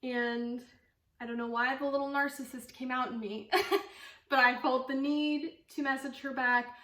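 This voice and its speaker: High-voiced, chatty young woman in an echoey room. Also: fairly even intonation, unhurried, fairly bright tone, far from the mic. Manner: chatty and gushing, with many fillers. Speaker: knitting podcast host. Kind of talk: casual chat to camera. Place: at home with her dog.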